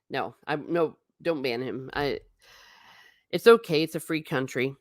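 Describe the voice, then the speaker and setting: A woman's voice: very deep voice, a little slow, dry recording. Chatty woman with a dry close sound. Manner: rambling, chatty, reacts to chat with laughs. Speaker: livestream host reading chat. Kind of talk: casual livestream chat.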